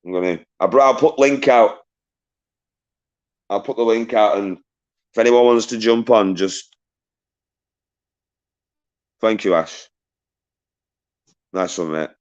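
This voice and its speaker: Low-voiced man ranting on a livestream. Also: slow, long pauses, dull audio. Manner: agitated and ranting, swears often, shouts out viewers. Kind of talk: livestream chat reading viewer messages.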